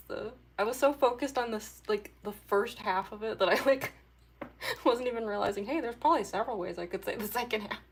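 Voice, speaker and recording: A woman's voice: fairly high pitch, slight background noise. A young woman chatting casually with her viewers during a drawing livestream. She giggles often and talks in a loose, rambling way with lots of fillers. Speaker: artist livestreamer.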